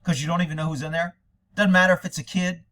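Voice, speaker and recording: Indignant high-voiced American man ranting. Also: level tone, fast, bright, forceful tone. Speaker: commentator reacting to police video. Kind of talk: commentary.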